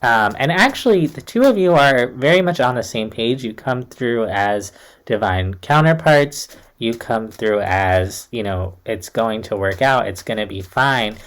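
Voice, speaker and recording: Expressive and a bit bright, this young man's mid-range voice moves at a measured pace as he does a relaxed tarot reading to camera. He is chatty and reassuring, sprinkling in lots of fillers such as "like" and "kind of".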